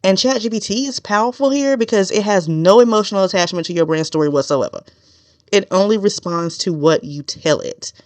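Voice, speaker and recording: A woman's voice: mid-range voice, a little fast, no echo. Chatty woman podcast host, dry sound. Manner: chatty and direct, with laughs and asides. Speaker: podcast host and business consultant. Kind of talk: casual solo podcast teaching.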